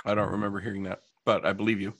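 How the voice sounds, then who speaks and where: A man running a tabletop game as game master, making rulings in a relaxed, joking way. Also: fairly low pitch, racing, gravelly. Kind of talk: running a tabletop game over a video call.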